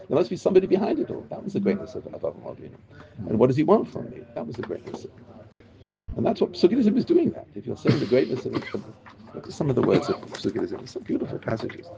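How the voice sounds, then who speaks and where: A man giving a religious lecture with a deeply gravelly, dark voice. His pitch swings widely as he presses his points, circling back and repeating phrases. The recording sounds muffled and lo-fi. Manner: animated, repetitive, emphatic. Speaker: Torah teacher.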